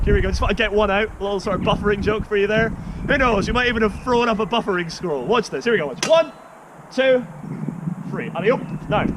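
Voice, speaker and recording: A man performing as a juggler, talking to the camera in theatrical, playful showman's patter. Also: high voice. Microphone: camera run by an assistant. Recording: noisy outdoor recording.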